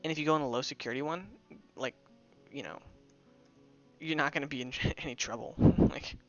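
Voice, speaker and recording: A man's voice: fairly high pitch, a little fast, bright, forceful tone, dull audio, faint music behind. A young man chatting loosely while streaming a game, rambling with many restarts. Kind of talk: casual gameplay commentary.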